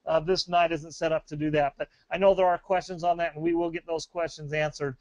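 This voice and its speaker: Upbeat high-voiced man pitching a webinar. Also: little pitch movement, a little fast, a little mellow, no room sound. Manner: upbeat, rambling, many fillers and restarts. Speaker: webinar presenter.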